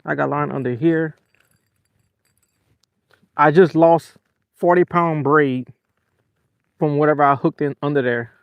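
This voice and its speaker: A man, hosting a fishing livestream from a small boat and talking casually and excitedly to his viewers. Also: on the high side, unhurried, vocal fry, long pauses, clean tone, dry recording, dull audio. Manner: excitable, venting, apologetic. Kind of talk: casual live-stream talk to viewers. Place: small boat on open water.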